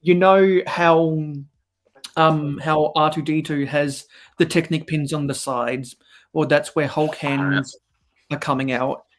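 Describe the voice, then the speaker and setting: A man's voice: on the high side, fairly even intonation, slow. A man with a South Australian accent chatting as a guest on a community stream, hesitant and full of ums and restarts. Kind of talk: casual stream chat.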